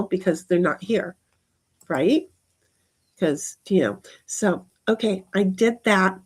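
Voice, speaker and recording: Casting: woman live-streaming outdoors, loose rambly chat, mid pitch, casual swearing. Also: darkish tone. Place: backyard outdoors.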